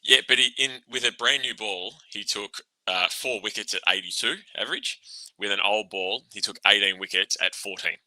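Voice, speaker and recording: A low-pitched Australian man with a very bright, forward tone rants bluntly through casual sports chat. He swears freely and breaks into laughter. The sound is dry and close. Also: moderate pace, no echo, poor audio. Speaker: podcast co-host, ex-cricketer.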